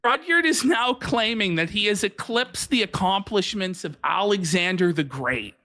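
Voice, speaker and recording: A man's voice: high voice, lively intonation, normal speed, bright, forceful tone. A man co-hosting a live stream, reacting to a clip with mocking, incredulous commentary and frequent swearing. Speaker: stream co-host.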